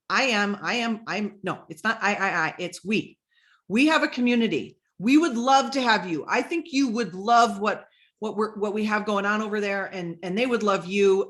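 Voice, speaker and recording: An energetic woman coach speaks to her listeners in a conversational way. Her pitch sits in a middle range for a woman. She teaches sales etiquette and now and then acts out the messages she would send. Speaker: business coach. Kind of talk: coaching talk on social media sales.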